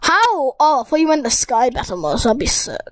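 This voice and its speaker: A school-age girl giving excitable, rambling gameplay commentary as a gaming YouTuber, talking straight to her viewers. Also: high voice, a little fast, noisy background.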